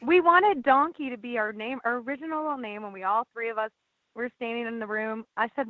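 In a casual interview, this band's lyricist and singer speaks bluntly, cursing often and filling gaps with plenty of fillers. Her voice is on the high side and brisk, and the recording is dry and tinny like a phone.

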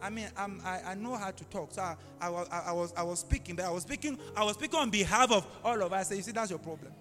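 A man's voice: high voice, quick pace, pushed and bright, in a large hall, faint music behind. A male pastor preaching a live sermon, telling stories with acted-out voices and animal sounds.

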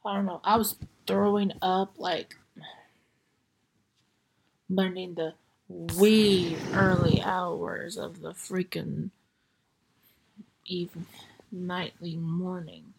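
Sick young woman, hoarse and whispery. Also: lowish voice, little pitch movement, darkish tone. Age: young adult. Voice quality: hoarse, breathy, often whispering. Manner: frustrated, swearing, halting. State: sick, tired throat. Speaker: podcast host. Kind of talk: casual solo podcast chat.

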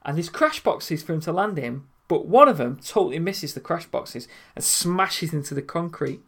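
A man's voice: a little high, lively intonation, normal speed, pushed and bright, breathy edge. A man in casual chat, telling stories animatedly and laughing often.

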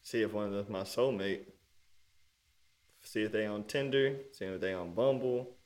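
A man in a casual group chat, joking and telling animated stories. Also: lowish voice, moderate pace.

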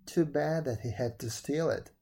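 A man voicing a calm, kindly man who forgives easily and laughs heartily, in a storybook reading. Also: mid-range voice, moderate pace, husky. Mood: forgiving.

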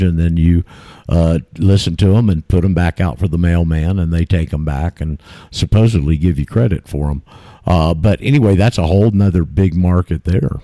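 A man's voice: low-pitched, dark tone, dry recording, clean studio sound. A man hosting a radio talk show, speaking in a plainspoken, easygoing way and asking his guest questions. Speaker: radio host.

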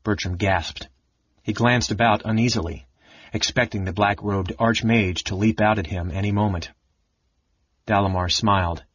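A man reading a fantasy novel aloud as narrator, in an even, measured way. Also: lowish voice, husky, no room sound, dull audio. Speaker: audiobook narrator.

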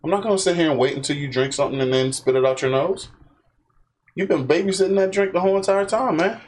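A man's voice: fairly high pitch, fast. A man co-hosting a podcast, teasing his friend in a joking, casual way. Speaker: podcast co-host.

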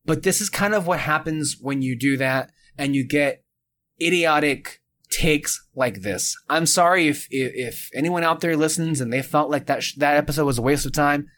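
A man co-hosting a podcast, chatting casually and ranting with animated annoyance. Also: fairly high pitch, moderate pace. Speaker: podcast co-host.

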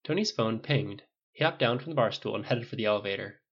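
Male audiobook narrator, gravelly, animated delivery, dull home recording. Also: lowish voice, fast. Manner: lively reading, voices raised for dialogue. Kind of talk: fan fiction audiobook reading with voiced characters.

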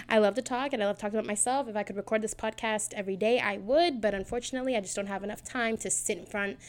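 Chatty young woman rambling fast. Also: mid-range voice. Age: 20s. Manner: chatty, rambling, self-deprecating, fast-talking. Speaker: podcast host. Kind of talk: casual solo podcast chat. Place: small home recording setup.

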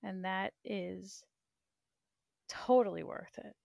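A woman's voice: medium pitch, fairly even intonation, slow pace, gravelly, a little mellow, dry recording. A woman in her thirties hosting a livestream in blunt, profane, rambling chat, laughing often. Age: 30s. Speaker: livestream host.

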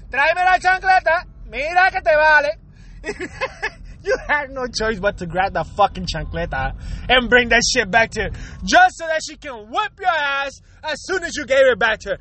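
High, bright-voiced man telling a laughing story. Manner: profane, laughs constantly, animated and emphatic. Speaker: podcaster recalling his own episode. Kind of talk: casual comic storytelling.

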